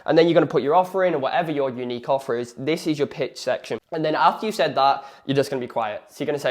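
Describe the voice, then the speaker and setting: A young man in a casual, fast instructional talk, coaching on sales calls with lots of conversational fillers. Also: medium pitch. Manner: fast, conversational, full of "you know" fillers.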